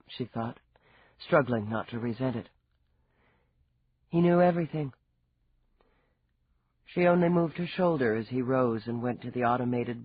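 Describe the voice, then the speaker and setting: Husky-voiced man narrating an audiobook. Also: medium pitch, lo-fi sound. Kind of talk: scripted narration.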